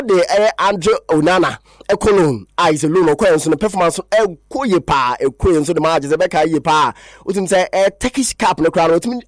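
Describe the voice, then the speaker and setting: Clean studio sound with no room sound carries a man's high-sitting voice and Ghanaian accent. Hosting sports talk radio, he rambles over lists of players and shifts between languages.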